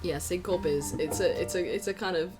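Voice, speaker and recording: A woman's voice: on the low side, brisk, over music. A woman on a charity game stream, casually explaining the story with laughs and restarts. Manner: giggly, explains the plot with restarts. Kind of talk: casual let's-play chat.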